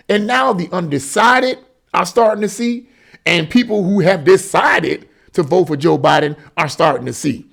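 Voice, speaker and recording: Emphatic gravelly man ranting. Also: sits high, animated, measured pace, a bit bright. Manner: emphatic, repetitive and exhorting. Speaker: political commentator. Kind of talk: opinion monologue.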